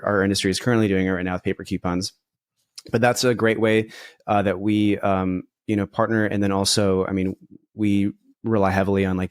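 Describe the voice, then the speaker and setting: Man, deep monotone, filler-heavy, dry close sound, retail guest. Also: dry recording. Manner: filler-heavy, matter-of-fact explaining. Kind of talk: conversational podcast interview.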